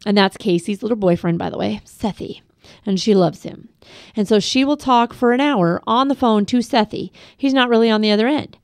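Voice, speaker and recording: A middle-aged woman leads a parenting class with a calm, practical manner, talking straight to the parents. Her voice is smooth and clear, at a middle pitch. The sound is dry and close, with no room in it. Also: moderate pace, no room sound. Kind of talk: instructional webcast talk.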